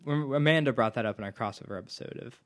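Male co-host, middle pitch, relaxed and agreeable, tosses in quick asides. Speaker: podcast co-host. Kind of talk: casual podcast chat.

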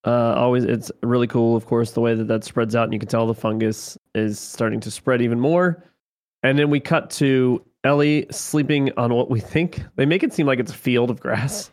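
A man co-hosting a casual podcast, retelling a TV episode and acting out its lines in an animated way. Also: mid-range voice, normal speed. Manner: animated retelling, acts out quotes. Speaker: podcast co-host. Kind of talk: casual recap chat.

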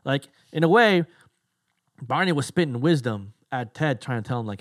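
A man co-hosting a podcast, chatting casually and loosely retelling scenes with quick voiced asides. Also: medium pitch, expressive, dry recording, studio quality. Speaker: podcast co-host. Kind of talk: casual chat.

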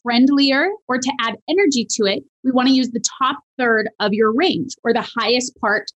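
Animated woman with a bright higher voice. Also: normal speed, highs cut off. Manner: animated, swoops up high to demonstrate pitch. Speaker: podcast guest, voice coach. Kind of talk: casual interview chat.

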